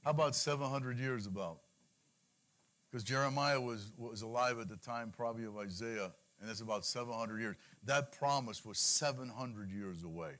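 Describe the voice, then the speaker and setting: A man preaching a sermon, asking the congregation questions and answering them himself, rising loud and high for emphasis and dropping low and quiet for scripture. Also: normal speed. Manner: preaching with call-and-response questions. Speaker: pastor.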